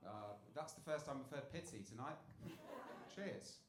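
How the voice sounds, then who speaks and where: A man doing a stand-up set on a club stage into a handheld mic, telling dark jokes deadpan, dropping low for setups and getting loud on punchlines. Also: unhurried. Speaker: stand-up comedian. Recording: echoey club with room noise.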